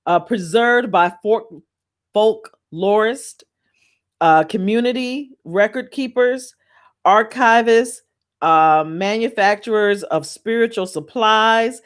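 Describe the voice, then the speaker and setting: A woman, hosting a spiritual talk show from her home on camera, talking in a chatty, excitable way and often laughing. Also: a little high. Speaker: spiritual podcast host. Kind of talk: casual chat, reading aloud and teaching.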